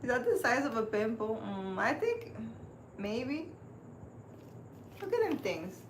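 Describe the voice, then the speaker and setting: On her own spiritual healing channel, a woman chats casually with live viewers, laughing frequently. Her voice is on the high side and very animated, though she takes it slowly, and there's slight background noise.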